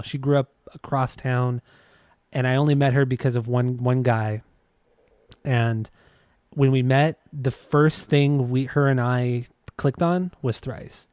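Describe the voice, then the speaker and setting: A man's voice: mid-range voice, darkish tone, dry recording. A man hosting a casual music podcast, rambling through restarts and swearing freely. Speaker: podcast host.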